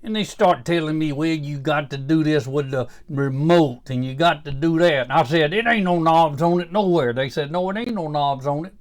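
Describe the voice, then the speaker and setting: A man's voice: a little high, moderate pace, hardly any pauses, natural voice. A man playing a cranky older grandpa with a Southern Louisiana accent, ranting in a folksy, grumbling, exasperated comic monologue. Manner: folksy, grumbling, exasperated, rising to indignant outbursts. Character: cranky old Southern grandpa fed up with gadgets.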